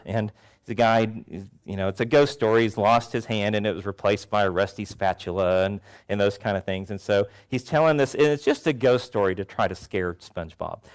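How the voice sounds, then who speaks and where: A man's voice: mid-range voice, clear, resonant tone. A male pastor giving a sermon to a congregation, telling stories with animation. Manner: animated storytelling, acts out voices. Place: church before a congregation.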